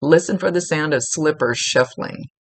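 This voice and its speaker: A woman psychic medium giving a casual, gently instructive reading, relaying messages with chatty asides. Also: deep voice, normal speed, husky. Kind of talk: casual spoken reading to a client.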